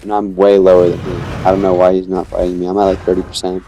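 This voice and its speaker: A man's voice: deep voice, completely flat delivery, quick pace, dark tone, slight background noise. A young man casually narrating his own dinosaur gameplay, rambling as he tells the story and acting out quoted lines.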